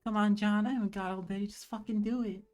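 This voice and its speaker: Woman reading angry schoolgirl, blunt, cussing, average pitch. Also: fairly even intonation, fast talker, darkish tone, natural voice. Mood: cold. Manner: blunt, swearing. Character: angry teenage schoolgirl, hurt and blunt best friend.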